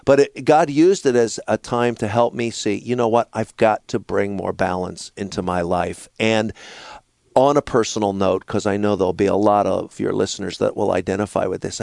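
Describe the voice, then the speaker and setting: Man, middle-aged, animated storytelling, dry recording. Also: gravelly, no room sound. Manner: animated storyteller, mimics a toddler in a high squeaky voice. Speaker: guest. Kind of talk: conversational storytelling.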